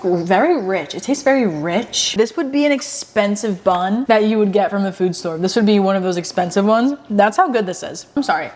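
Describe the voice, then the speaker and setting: A woman's voice: mid-range voice, darkish tone. A woman hosting a home baking vlog, chatting to her viewers in a gushing, enthusiastic way and repeating her favourite phrases. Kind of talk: casual chat to camera. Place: home kitchen.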